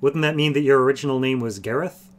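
Man reading aloud, shrewd sly rogue, bantering, quick. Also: medium pitch, pitched above the performer's own voice, natural voice. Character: shrewd ferret-eyed male rogue.

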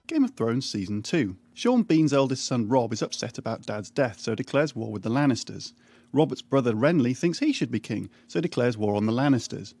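A man reading a scripted comic recap, full of wry, irreverent deadpan asides. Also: medium pitch. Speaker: narrator. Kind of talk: scripted comedic recap narration.

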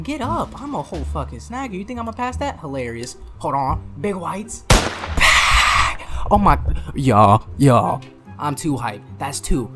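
A man giving live gameplay commentary, trash-talking and swinging between loud, hyped outbursts and low mutters. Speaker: gaming streamer.

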